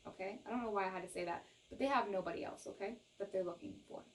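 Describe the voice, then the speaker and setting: A woman's voice: medium pitch, rapid-fire, distant mic, low-quality recording. Earnest woman tarot reader, slightly off-mic. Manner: earnest, reassuring, often adds "okay?"; gushes with emotion. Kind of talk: tarot reading to camera.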